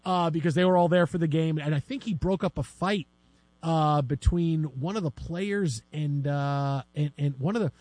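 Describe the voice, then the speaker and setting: A man's voice: on the high side, normal speed, no room sound. A man hosting sports radio, telling a story with lots of energy and acting out the people in it. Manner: animated storyteller, acts out shouting fans. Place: radio studio. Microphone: studio microphone.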